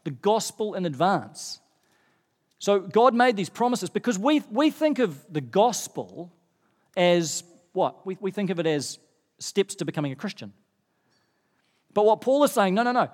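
High-voiced pastor preaching in a reverberant hall. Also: male voice, moderate pace. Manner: animated, rising when stressing a point. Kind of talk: sermon. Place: church hall. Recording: long reverb of a church hall.

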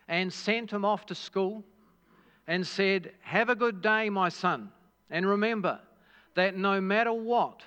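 A man preaching a sermon as a pastor, telling a story in a measured way with dramatic pauses. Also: on the high side, sharp tone, smooth. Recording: dull hall reverb.

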